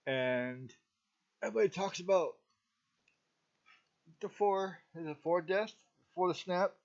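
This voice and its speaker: A man's voice: high-pitched, animated, a little slow. A middle-aged man reviewing a movie in a casual, rambling talk, often stopping to ask "okay?". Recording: dull lo-fi recording.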